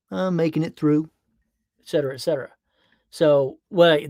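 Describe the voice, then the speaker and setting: A man's voice: a little high, no room sound, studio quality. Chatty, playful man hosting a podcast. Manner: chatty, playful, animated with voiced asides. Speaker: podcast host. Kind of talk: casual livestream chat and podcast monologue.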